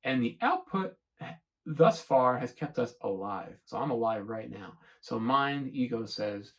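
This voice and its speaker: A man's voice: medium pitch, animated, a little slow, poor audio. A man hosting a self-help channel, talking through his thoughts in a rambling, searching monologue and often checking in with the listener. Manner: rambling, searching, keeps asking "right?". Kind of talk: reflective monologue to camera.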